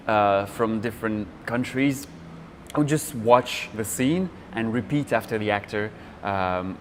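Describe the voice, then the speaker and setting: A young Frenchman speaks in a fairly low voice, answering interview questions with a French accent. He talks haltingly, with many fillers and restarts. A faint hum of ambience sits behind him. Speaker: interview guest.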